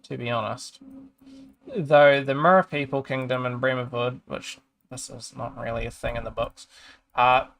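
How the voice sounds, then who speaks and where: A man's voice: medium pitch, fairly even intonation, moderate pace, vocal fry, fairly bright tone, slight background noise. A streamer chatting casually, ranting in exasperation and swearing as he reads a review aloud and trails off mid-sentence. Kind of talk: casual chat while reading a review aloud.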